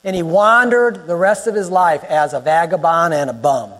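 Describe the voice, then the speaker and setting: A male pastor preaches fervently in a high, lifted voice at normal speed, repeating phrases for effect and swelling toward near-shouts. His emphatic words ring out with long reverb through the church sanctuary.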